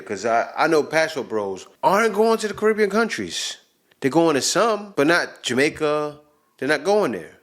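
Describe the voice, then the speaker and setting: A man's voice: fairly high pitch, a bit bright. A man hosting a channel, reacting to clips in casual, emphatic commentary and often repeating himself.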